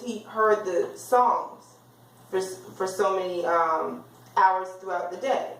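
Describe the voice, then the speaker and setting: A woman's voice: medium pitch, fairly bright tone. Female teacher, explanatory lecture delivery, recorded far off in a roomy space. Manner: explanatory, sounds words out slowly.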